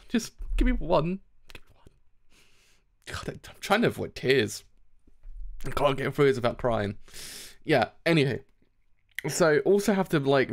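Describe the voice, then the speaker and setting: A young man streaming a live reaction to a manga chapter, excitable, laughing often and swearing freely. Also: medium pitch.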